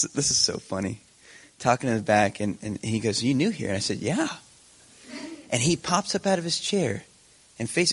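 A man's voice: mid-range voice, fairly bright tone. Earnest young male missionary preacher. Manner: earnest, chatty, self-deprecating. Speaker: missionary guest speaker. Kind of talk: sermon.

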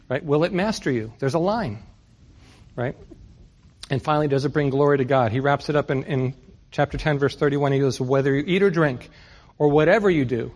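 A man's voice: on the high side, a little mellow. A middle-aged man from New York City preaching a conversational sermon, often putting rhetorical questions to his listeners. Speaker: pastor.

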